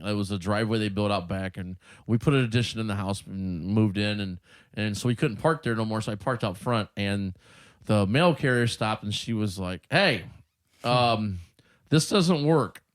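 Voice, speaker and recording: A man's voice: lowish voice, normal speed. A man with a Northwest Ohio accent hosting a podcast, telling stories in casual chat, laughing often and acting out the people in them. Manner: animated storyteller, acts out voices, laughs often. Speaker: podcast host.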